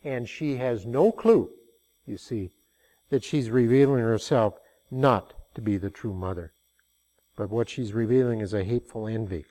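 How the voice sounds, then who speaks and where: A man's voice: medium pitch, normal speed, mellow. An older man preaching a sermon, telling stories in a folksy way and rising into emphatic passages.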